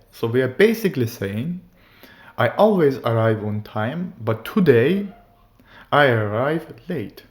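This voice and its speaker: A man teaching grammar, explaining sentence structure step by step and reading out example sentences slowly and carefully. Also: mid-range voice. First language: German. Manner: slow, deliberate, reads German examples carefully. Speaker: language teacher.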